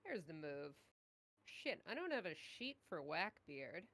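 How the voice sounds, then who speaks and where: A woman narrating as dungeon master in a casual tabletop game, unhurried and halting, with many fillers. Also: sits low, big pitch swings, gravelly, fairly bright tone.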